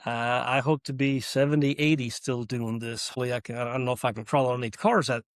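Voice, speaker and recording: A man who runs a small business, telling his story in a casual podcast interview, animated and chuckling as he acts out dialogue. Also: mid-range voice, fast, no room sound, studio quality.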